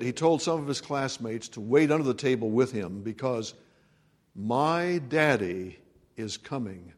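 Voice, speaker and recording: A man preaching a sermon as pastor, swinging between loud proclamation and hushed, quiet lines. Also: medium pitch. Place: church sanctuary. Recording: long reverb of a church hall.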